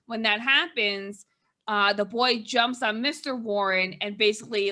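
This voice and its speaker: A woman's voice: medium pitch, moderate pace, pushed and bright. A woman co-hosting a casual movie review chat, recapping the plot in a rambling way full of "like" and "kinda".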